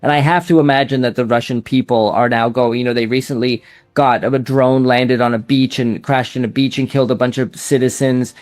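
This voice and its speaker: A man's voice: mid-range voice, fairly even intonation, fairly quick. A man hosting an interview, asking long, chatty, run-on questions. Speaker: interview host.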